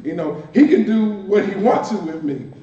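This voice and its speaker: High-voiced preacher in an echoing church. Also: male voice, animated, normal speed, warm tone. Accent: Washington D.C. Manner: conversational preaching, playful asides and repeated words. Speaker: minister. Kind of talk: sermon. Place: church sanctuary. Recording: distant, roomy, dull church recording with faint hiss.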